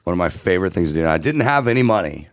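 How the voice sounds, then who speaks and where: Low-voiced man telling stories. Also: very animated, rapid-fire, no room sound, clean studio sound. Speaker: podcast co-host. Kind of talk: casual storytelling.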